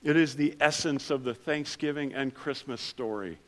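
A middle-aged pastor preaches a sermon in church at a moderate pace, telling personal stories with self-deprecating humor and dropping soft and low for quiet moments.

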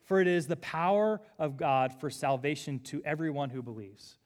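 A man's voice: on the high side, moderate pace. A man preaching a sermon, earnestly explaining a scripture passage line by line. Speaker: pastor.

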